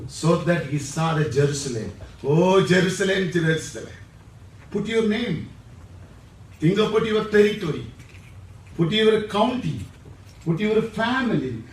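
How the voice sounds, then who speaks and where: A man's voice: high voice, lively intonation, measured pace, fairly bright tone, echoey room, recorded from a distance, low-quality recording. A male pastor with an Indian English accent and a Tamil background, preaching a sermon with emphasis and repeating each phrase. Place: church.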